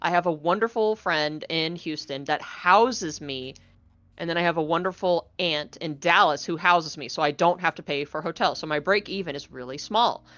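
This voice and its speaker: A woman chatting casually as a guest, an animated storyteller who acts out the people she quotes. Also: deep voice, moderate pace, no echo, lo-fi sound. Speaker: guest, game co-developer. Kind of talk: casual podcast chat.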